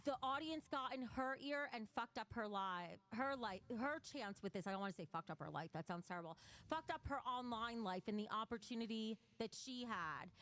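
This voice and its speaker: A woman's voice: fairly high pitch, fairly bright tone. A woman hosting a livestream, talking bluntly and emotionally to her chat, with a lot of swearing. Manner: blunt and profane, emotional, reading chat donations. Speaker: livestream host. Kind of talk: casual livestream chat to viewers.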